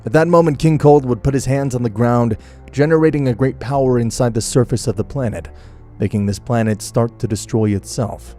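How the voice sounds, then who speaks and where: A man narrates a fan-theory story at a steady pace. His voice is mellow and a bit dark, with faint music playing behind him. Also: medium pitch, fairly quick.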